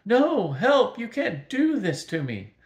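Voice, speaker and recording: Brief: shrill blustering young wizard, read by an older man, raised pitch, echoey room. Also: lively intonation, moderate pace, lightly acted. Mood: panicked.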